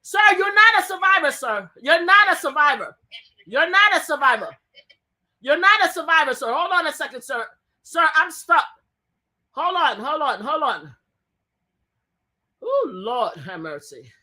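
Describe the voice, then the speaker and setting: A woman hosting a livestream, talking loudly and repeating her demands in a heated argument. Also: high-pitched, big pitch swings, unhurried, pauses often. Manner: loud, repeats pleading commands. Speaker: livestream host.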